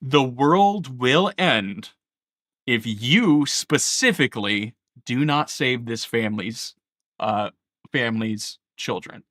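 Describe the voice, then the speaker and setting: A man puts on a grave matriarch for a live tabletop game, handing out urgent, stern orders. Her tone is bright and clear, and the sound is dry and close. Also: mid-range voice, expressive, takes it slowly, no room sound. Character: grave matriarch leader, mother of a household.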